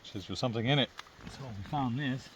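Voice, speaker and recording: A fast-talking man with a medium-pitched voice, from Canada, casually narrates his camping vlog at a lakeside site. His tone is chatty and laid-back, punctuated by frequent laughter, over faint noise from outside.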